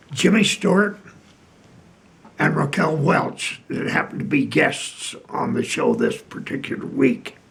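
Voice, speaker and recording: Older man, gravelly voice, slow halting anecdote, somewhat high pitch. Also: a bit bright. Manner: slow, halting storytelling with many fillers. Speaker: retired piano player telling stories. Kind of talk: casual anecdote.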